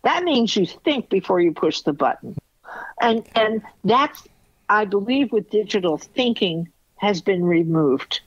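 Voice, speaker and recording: A woman's voice: mid-range voice, expressive, unhurried, no room sound, muffled recording. An older woman, a photo editor and teacher, telling stories in an interview in a blunt, candid way and laughing often. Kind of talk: interview storytelling.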